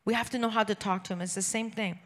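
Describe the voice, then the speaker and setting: A woman's voice: mid-range voice, fairly even intonation, fast. A woman preaching a sermon to a congregation, repeating phrases for emphasis and urging the listeners to call back to her. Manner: urges the congregation to respond aloud.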